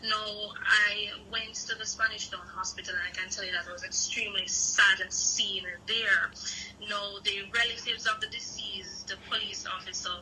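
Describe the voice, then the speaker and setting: A woman giving a measured, formal news report from the field. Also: mid-range voice, steady tone, noisy background.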